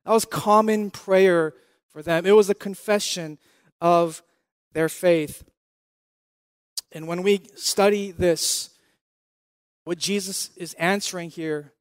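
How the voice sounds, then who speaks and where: A man's voice: high voice, steady tone, a little slow, clean tone, dry recording, studio quality. A man in his thirties preaching a sermon in an earnest, conversational way, repeating key phrases and asking the listeners questions. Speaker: pastor.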